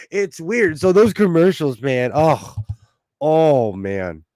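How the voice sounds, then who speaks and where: A man's voice: a little high, darkish tone, dry recording. A man from Southern California with a Southern Californian accent, chatting casually with his chat while hosting a sewing livestream at home and laughing often. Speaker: livestream host.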